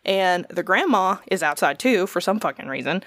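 A woman's voice: on the low side, moderate pace, dry recording. A young adult woman telling a long story in casual chat, swearing often and acting out what people said. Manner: profane, animated storytelling with quoted voices.

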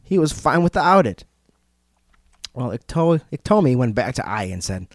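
A man's voice: mid-range voice, very animated, moderate pace, long pauses, dry recording, clean studio sound. A man hosting a casual storytelling podcast, retelling a legend in a loose, joking way.

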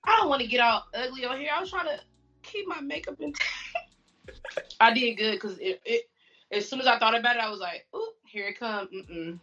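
A woman's voice: fairly high pitch, a little fast, pauses often, fairly bright tone. A woman guest on a podcast interview, speaking candidly and chattily about herself. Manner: candid, chatty, self-reflective. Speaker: guest, fashion stylist. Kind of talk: casual interview chat. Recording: dull lo-fi sound, faint music.

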